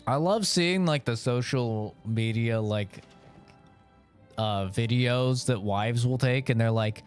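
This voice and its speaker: A man's voice: mid-range voice, slow, clean tone, faint music behind. A man streaming a game, chatting casually in a profane, laid-back, rambling way. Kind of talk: casual chat while gaming.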